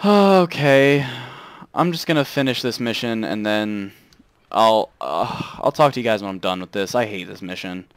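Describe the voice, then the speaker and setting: A man's voice: lowish voice, normal speed, clean tone, dry recording. Cursing young man in game commentary. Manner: swings between mumbled asides and loud angry outbursts, swears a lot. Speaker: gamer commentating a playthrough. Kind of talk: let's play commentary.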